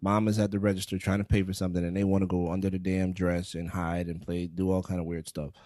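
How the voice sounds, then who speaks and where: A man's voice: low voice, little pitch movement, quick pace, warm tone, no room sound. A young adult man co-hosting a casual podcast chat, laid-back and joking about parenting. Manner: laid-back, joking, laughs while telling stories. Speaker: podcast co-host.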